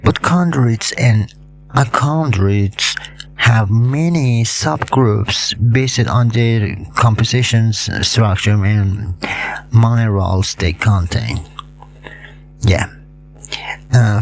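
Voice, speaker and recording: A man with a non-native English accent who hosts his own channel and explains a science topic informally, in a halting way with many hums and restarts. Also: medium pitch. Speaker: channel host.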